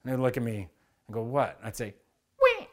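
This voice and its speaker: A middle-aged man preaching a sermon as pastor, energetic and conversational, with lively asides. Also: mid-range voice, quick pace. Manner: energetic, conversational, acts out his kids' whiny voices. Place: church.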